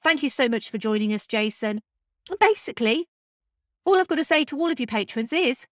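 This is a woman closing out her film podcast, with an eager, chatty manner and a touch of self-mockery. Her voice sits a little high. The recording is close and dry, from a podcast microphone. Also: lively intonation, brisk, dry recording. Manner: chatty, enthusiastic, self-deprecating. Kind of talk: scripted podcast outro.

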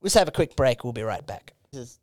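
A young man co-hosting a casual podcast, rambling through sweary stories and mimicking people in high voices. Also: big pitch swings, fast, no echo, clean studio sound. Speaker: podcast co-host.

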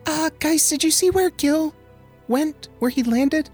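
A woman's voice: high-pitched, a little slow, a little mellow, soft background music, voice pushed up. A woman playing a worried adventurer in a tabletop game who speaks hesitantly.

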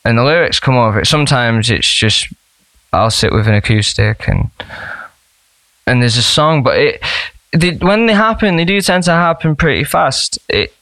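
A man chats loosely about his music, restarting sentences and filling gaps with "you know". His voice is smooth and resonant. The recording is close and dry. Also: mid-range voice, lively intonation, normal speed, pushed and bright, dry recording. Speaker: musician guest. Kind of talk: casual interview chat.

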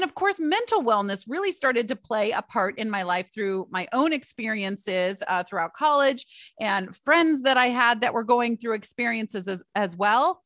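A woman in her forties telling personal stories as a podcast host, chatty and animated, speaking straight to her listeners. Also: fairly high pitch, no room sound, clean studio sound. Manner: chatty, animated, laughs often, addresses listeners directly. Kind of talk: personal storytelling monologue.

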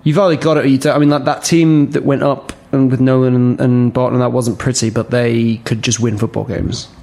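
A man chatting on a casual podcast at an average pitch. He stops and restarts often, hunting for his words. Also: level tone, gravelly, warm tone. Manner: halting, many restarts and fillers. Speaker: podcast co-host.

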